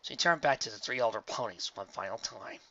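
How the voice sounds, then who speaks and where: A man narrating a fan fiction audiobook with expressive storytelling. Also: medium pitch, a little fast, no echo, dull audio. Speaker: reader.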